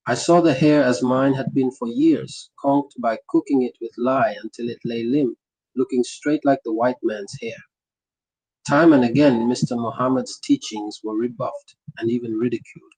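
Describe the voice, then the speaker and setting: A man's voice: mid-range voice, steady tone, normal speed, darkish tone, breathy edge, dry recording, low-quality recording. A man narrating a memoir in the first person, breaking into impassioned sermon-style speeches with rhythmic, repeated phrases.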